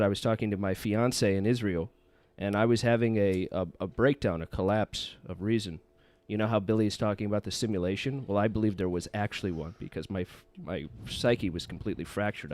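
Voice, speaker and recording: Low-voiced man telling a rambling story. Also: darkish tone, no room sound. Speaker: podcast guest. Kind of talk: casual chat.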